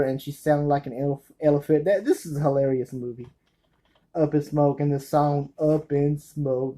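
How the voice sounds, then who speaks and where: A man's voice: a little high, mellow, low-quality recording. A man talking through his movie collection in a casual, nervous way, rambling and often stopping to correct himself. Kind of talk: casual spoken review.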